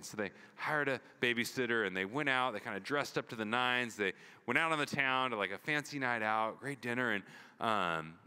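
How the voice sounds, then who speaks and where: A man's voice: medium pitch, brisk, bright, forceful tone, smooth. A man pastor preaching in a conversational, earnest sermon, retelling a story with many repeats and "like"s. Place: church. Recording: long hall reverb.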